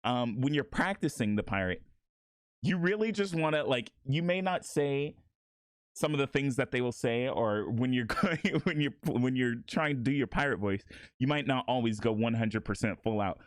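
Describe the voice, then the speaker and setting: A man's voice: mid-range voice, lively intonation, normal speed, dry recording. A man talking casually through a voice acting tutorial, rambling a little with restarts. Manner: laid-back, rambling with many restarts and laughs.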